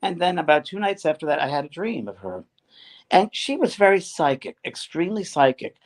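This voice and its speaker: A man's voice: fairly high pitch, expressive, brisk. A man co-hosting a spiritual talk show, telling stories in an earnest, rambling way. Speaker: co-host.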